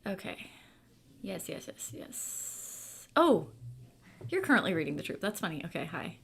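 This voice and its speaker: A woman's voice: fairly low pitch, big pitch swings, measured pace, gravelly, slightly rough. A woman hosting a book club livestream, chatting casually and reading viewer comments aloud with lots of fillers.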